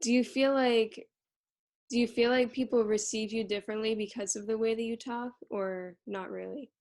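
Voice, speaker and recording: A woman hosting a podcast, asking her guest questions in a quick, chatty way with fillers. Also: on the high side, steady tone, darkish tone. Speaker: podcast host. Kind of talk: casual conversational interview.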